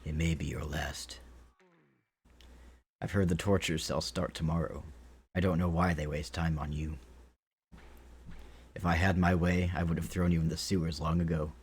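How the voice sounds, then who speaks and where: Dude doing a mean game jailer, low and husky. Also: male voice, little pitch movement, normal speed, pauses often, heavily acted. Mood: sneering. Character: scornful male jail guard.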